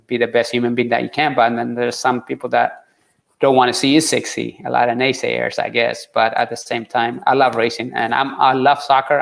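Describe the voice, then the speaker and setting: Guy with a gravelly flat voice, earnest, halting, lots of uh and you know. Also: medium pitch. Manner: earnest, halting, many fillers and restarts. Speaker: interview guest, marathon runner. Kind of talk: conversational interview.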